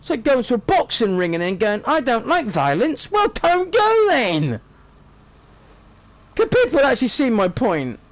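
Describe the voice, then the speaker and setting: British man, 30s, vlogger; high, bouncy pitch, sweary sarcastic rant. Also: measured pace, pauses often, no echo. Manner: sweary, sarcastic, animated ranting. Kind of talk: casual ranting monologue.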